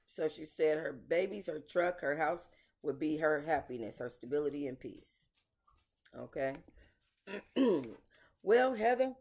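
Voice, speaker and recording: A woman's voice: low-pitched, animated, a little slow, long pauses, a little mellow. A woman hosting casual commentary, talking bluntly and emotionally to her viewers, swearing and calling them y'all. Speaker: commentary channel host.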